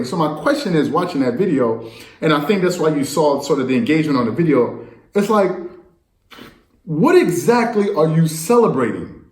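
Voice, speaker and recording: Man riffing on sports news in an echoey room. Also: fairly high pitch. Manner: rambling, incredulous, addresses viewers directly. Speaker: sports commentator. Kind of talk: casual sports talk monologue.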